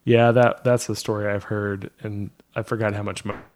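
A man's voice: on the low side, level tone, normal speed, a little mellow. A man co-hosting a podcast, chatting casually with short, easygoing replies. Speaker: podcast co-host. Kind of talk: casual chat.

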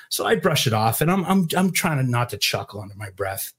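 A man's voice: mid-range voice, fairly quick, few pauses. Profane storytelling man, slight Boston accent. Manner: profane, animated storytelling with acted quotes. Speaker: guest storyteller. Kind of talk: casual storytelling.

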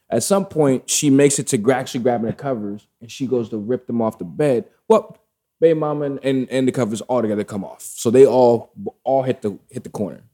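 A man telling a story in casual chat, animated and profane, with loose street slang. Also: mid-range voice, husky.

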